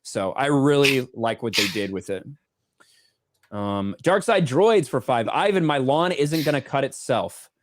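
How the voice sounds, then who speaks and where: A man's voice: medium pitch, expressive, a little slow, background noise. A man co-hosting a casual livestream, reading out viewer donations and swearing offhandedly. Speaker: livestream co-host reading superchats.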